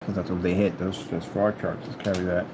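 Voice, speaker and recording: A man's voice: low voice, level tone, normal speed, heavy background noise. A man delivering a rambling, taunting monologue at a rival, repeating stock phrases and humming to himself as he works through paperwork indoors. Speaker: YouTuber addressing a rival.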